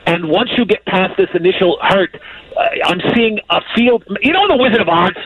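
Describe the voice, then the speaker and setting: A man's voice: high-pitched, a little fast. A man giving psychic readings on a call-in radio show, talking emphatically in a folksy, repetitive way over the phone. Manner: emphatic, folksy, repeats himself. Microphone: telephone. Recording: phone line with faint hiss.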